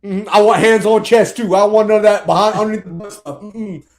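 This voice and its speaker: A man's voice: high voice, steady tone, quick pace. A man co-hosting a casual sports chat, barking orders at players in a mock drill-sergeant manner. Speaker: podcast co-host.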